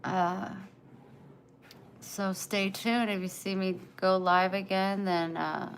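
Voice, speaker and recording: A woman's voice: medium pitch, steady tone, takes it slowly, slight background noise. A woman in her forties chatting casually on a livestream, greeting viewers and reading their comments aloud. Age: 40s. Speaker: livestream host.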